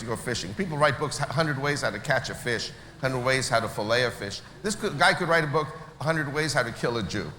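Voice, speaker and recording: A man from Israel telling a story to an audience, animated and acting out the people he quotes. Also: fairly high pitch. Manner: animated, acts out quoted voices. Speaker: speaker at a church meeting. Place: large hall. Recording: echoey hall with faint noise.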